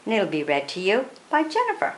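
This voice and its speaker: A woman's voice: medium pitch, brisk, echoey room. A woman casually introducing old magazine stories and signing off to her viewers. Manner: chatty, lively sign-offs. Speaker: channel host introducing readings.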